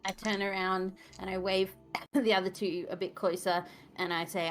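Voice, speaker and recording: A woman's voice: medium pitch, flat delivery, moderate pace, soft background music. A woman player in a tabletop game, narrating her character's actions in a hesitant, jokey, self-mocking way. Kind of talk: casual tabletop play.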